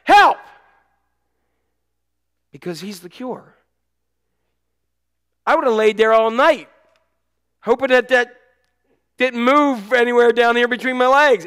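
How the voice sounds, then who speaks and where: Animated pastor with a high, smooth voice. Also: male voice. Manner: animated storytelling, shouting out quoted cries. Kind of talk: sermon.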